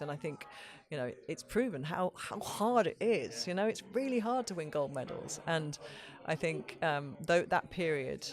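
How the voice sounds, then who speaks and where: A middle-aged woman who works as a broadcaster appears as a guest on a casual podcast interview. She tells stories in a lively way and fills them with lots of "you know"s. Her voice is low-pitched and moves at a normal speed.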